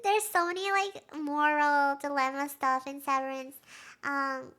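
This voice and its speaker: A woman streamer casually recapping a show, excitable, laughing often and saying "like" a lot. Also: high-pitched, a little slow.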